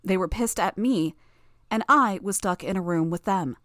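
A woman narrating a first-person novel in a tense, steady reading. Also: medium pitch, moderate pace, dry recording, clean studio sound. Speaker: audiobook narrator.

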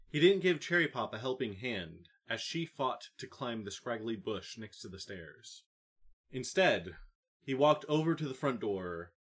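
A man narrating a novel audiobook in a calm, even reading. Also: mid-range voice. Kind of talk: scripted narration.

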